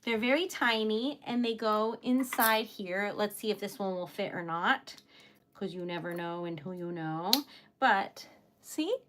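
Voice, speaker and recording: Speaking at a measured pace in a slightly bright, mid-range voice, a young woman hosts a livestream making wax seal crafts. She's chatty and bubbly, giggling frequently and calling herself a really emotional lady.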